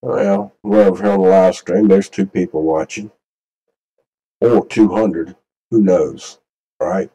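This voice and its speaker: A man's voice: low voice, steady tone, measured pace, long pauses, dark tone, rough recording. A man, rambling folksily through a screen-share and repeating himself as he walks viewers through weather maps. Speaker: channel host. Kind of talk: casual screen-share commentary.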